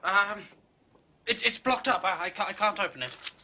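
A nervous, prickly amateur writer with a high, very bright voice. He stammers and fusses over his words. A faint hiss sits under the recording. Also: normal speed, heavily acted. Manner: stammering, fussy. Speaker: aspiring writer.

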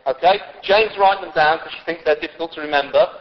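Lively preacher in a church. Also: male voice, a little high, quick pace. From Britain. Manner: lively preaching with humorous asides to the congregation. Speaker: pastor. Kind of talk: sermon. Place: church hall with long reverb. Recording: dull church recording with reverb.

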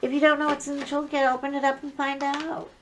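A woman's voice: high voice, flat delivery, fast, slight background noise. A middle-aged woman chatting casually as she unboxes a craft kit at home, joking and wandering off-topic with frequent restarts. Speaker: craft vlogger.

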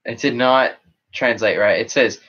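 A man's voice: medium pitch, moderate pace, a bit bright, dull audio. A man chatting casually on a live stream, rambling as he reacts to chat comments. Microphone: webcam setup.

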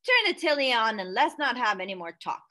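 A woman voicing a pompous, hot-tempered middle-aged father who brags and shouts accusations. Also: on the high side, big pitch swings, a little fast, pitched above the performer's own voice. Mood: shouting. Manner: boastful, then shouting and accusing.

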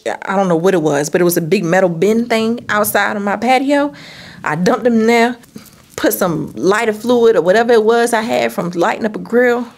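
A woman vlogger telling a personal story in an animated, dramatic way, speaking straight to her viewers and acting out what people said. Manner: acts out quotes with sudden high-pitched bursts. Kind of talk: storytime vlog.

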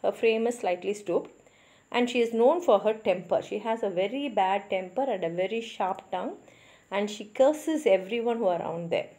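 Woman, Indian English accent, teacher, story summary lecture, glosses words, mid pitch. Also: moderate pace, dark tone. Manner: explains plainly, glossing words for students.

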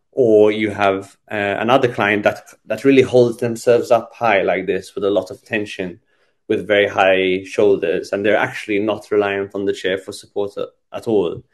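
A man giving a conversational teaching talk on medical communication, thoughtful, with frequent restarts and repeated words. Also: lowish voice. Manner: thoughtful, many restarts and repetitions. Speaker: psychiatry lecturer.

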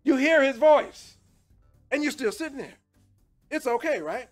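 A man preaching a sermon with fervent, repetitive calls to repent, swinging from shouting to hushed pleading. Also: very high-pitched, lively intonation, measured pace, soft background music.

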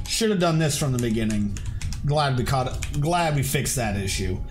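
A man's voice: medium pitch, lively intonation, moderate pace. Young male streamer, casual and rambling, talks through plans and reads chat, faint music under him. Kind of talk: casual livestream chat while playing.

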